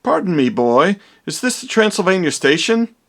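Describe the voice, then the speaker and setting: A man's voice: high-pitched, sing-song, normal speed, over loud music. A man playing a vain, dramatic young doctor in a comedy parody, with theatrical, exaggerated delivery.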